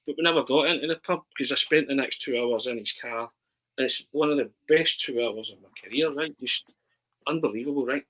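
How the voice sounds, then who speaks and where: A Scottish man tells stories in a relaxed podcast chat, animated and forever tagging his sentences with a quick question. His voice sits at an ordinary pitch but sounds forceful and bright. There is a husky rasp to it. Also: rough recording. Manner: animated, keeps asking "right?". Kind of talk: casual storytelling.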